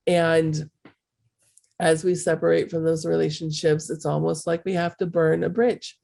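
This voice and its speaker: Woman, call-class teacher, low mellow voice, casual and rambling. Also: flat delivery, a little slow, gravelly. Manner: chatty, frequent fillers and restarts, acts out others' voices in quotes. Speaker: spiritual healing teacher. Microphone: call recording.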